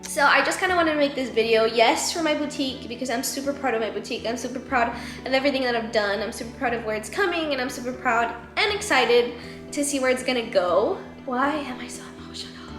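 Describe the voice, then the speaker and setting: A boutique owner in her twenties, speaking fast in a high voice, rambles through an emotional motivational talk, teary and voice cracking, peppered with "like" and "you know." The room is reverberant, with music playing in the background.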